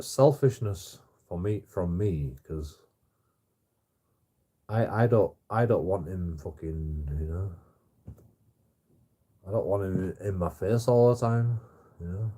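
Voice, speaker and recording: A man's voice: on the low side, measured pace, pauses often, dark tone. A man telling a rambling story on a livestream, swearing heavily and repeating himself.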